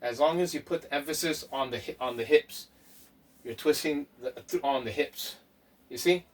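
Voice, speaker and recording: A man leading a home workout as a fitness instructor, counting reps aloud and giving slow, step-by-step tips. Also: medium pitch. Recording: voice from a distance off the mic.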